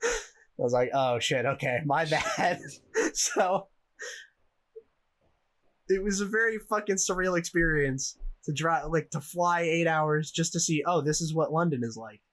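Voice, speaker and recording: Telling a story on the podcast he co-hosts, a young man from the United States wanders off track, curses freely, and laughs along the way. His voice is a little high and a bit bright, somewhat slow, with frequent pauses.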